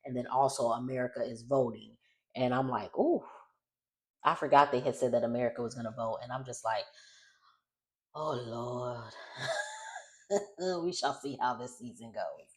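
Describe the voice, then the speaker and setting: A woman's voice: rumbling low, a little fast. A woman casually recapping a reality show, chatty and rambling, often correcting herself.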